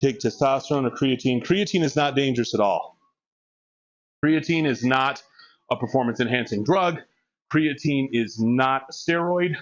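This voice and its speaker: A man's voice: mid-range voice, moderate pace. Candid rambling male streamer, lo-fi audio. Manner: rambling, candid, laughs often. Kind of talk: casual chat while working out.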